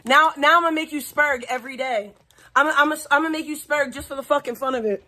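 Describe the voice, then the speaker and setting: A woman's voice: high voice, quick pace, sharp tone. A woman ranting profanely and taunting someone on a home livestream. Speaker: streamer. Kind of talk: angry livestream rant.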